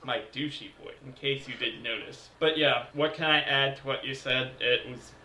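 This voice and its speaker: A man's voice: medium pitch, normal speed, pushed and bright, roomy sound, slight background noise, low-quality recording. A man joining a casual movie podcast as guest host, speaking in a dry, blunt, joking way. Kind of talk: casual movie review chat.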